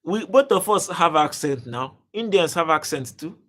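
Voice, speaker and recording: Chatty man with a slightly high voice. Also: expressive, moderate pace, fairly bright tone. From Africa. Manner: playful banter, chuckling, repeats words when starting. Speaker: live stream host. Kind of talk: casual live chat reading viewer comments.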